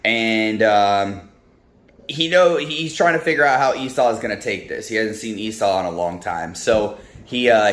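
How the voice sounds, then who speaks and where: Rambling man retelling a Bible story. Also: lowish voice. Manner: rambling, full of ums and restarts. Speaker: speaker of a devotional talk. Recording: roomy echo, faint music.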